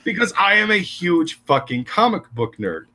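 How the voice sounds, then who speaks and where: A man's voice: high-pitched, sing-song, bright, forceful tone. A man co-hosting a casual podcast, rambling with heavy swearing and many restarts. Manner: rambling, profane, fast bursts with restarts. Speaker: podcast co-host. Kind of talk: casual crude podcast banter.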